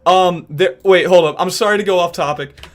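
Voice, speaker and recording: A young man in casual chat who talks in an animated, sporadic way about trying to become a voice actor. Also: high-pitched, normal speed. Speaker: aspiring voice actor and podcast guest.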